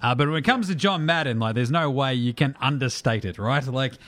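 A man's voice: mid-range voice, brisk, fairly bright tone, no echo. An Australian man in his thirties co-hosting a casual podcast, joking and swearing loosely, recorded on a phone in a small room. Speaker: podcast co-host.

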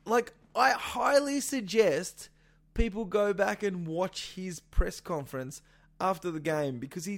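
High-voiced, excitable man. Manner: excitable, swearing, bursts into shouts. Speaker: podcast co-host. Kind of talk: casual sports chat.

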